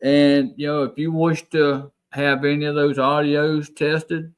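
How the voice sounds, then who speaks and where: A man from Alabama speaks with a Southern American accent in a slightly high, level voice that is clear and resonant, at a measured pace. He's a plainspoken guest on a radio talk show, a property owner who records sounds, chatting casually in an interview and repeating himself for emphasis.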